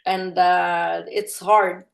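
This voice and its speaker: Halting French Canadian woman guest. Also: fairly low pitch, little pitch movement, creaky. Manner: halting, searching for English words; bubbly, open. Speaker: interview guest. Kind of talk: casual interview chat.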